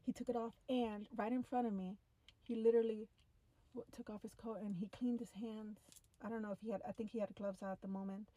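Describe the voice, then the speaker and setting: A young woman tells a first-person story to camera in an animated, breathless way, with many "like" fillers. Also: mid-range voice, a little fast, no room sound, poor audio.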